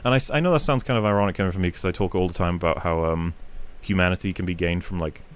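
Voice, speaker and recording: A man hosting a podcast, retelling film scenes in a rambling, profane, animated way. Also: low-pitched, very fast, clean tone. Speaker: podcast host. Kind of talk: casual podcast discussion.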